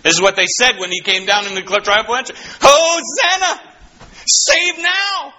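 A man preaching a sermon, swinging between soaring exclamations and hushed low asides. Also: fairly even intonation, quick pace. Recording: slightly dull, faintly noisy recording.

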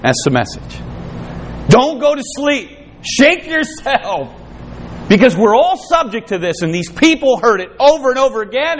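A man preaching a sermon, often rising in pitch and loudness and acting out the voices he quotes. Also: big pitch swings, moderate pace, slight background noise.

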